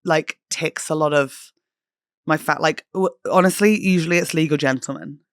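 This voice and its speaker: A woman's voice: deep voice, normal speed, no room sound, studio quality. A woman hosting a podcast, chatting casually in a jokey, self-mocking way and swearing freely. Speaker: podcast host. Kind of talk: casual chat.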